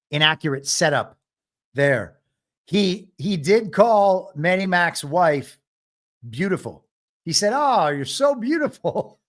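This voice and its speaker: Hosting a solo live stream of political commentary, this man has a mid-range, slightly bright voice. His style is wry and combative, and he frequently cracks himself up.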